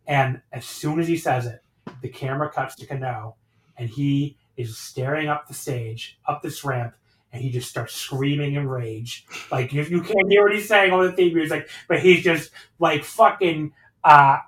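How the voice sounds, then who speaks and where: A man hosting a podcast, recapping matches in casual chat, animated and swearing freely as he rambles through the action. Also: a little high, a little slow, roomy sound, poor audio. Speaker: podcast host.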